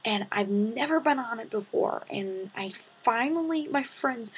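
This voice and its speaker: A teenage girl telling a story to her vlog audience in a lively, dramatic way, with whispered asides. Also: on the high side, unhurried. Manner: animated, dramatic retelling with breathy asides. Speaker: vlogger. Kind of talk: casual storytelling to camera.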